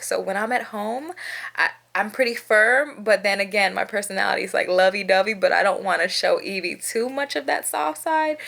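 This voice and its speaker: A young woman from Maryland talks straight to the camera about dog training. She is frank and lively, breaking into short laughs between her points. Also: mid-range voice, gravelly. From Maryland, USA. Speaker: dog owner vlogger. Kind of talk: casual advice vlog.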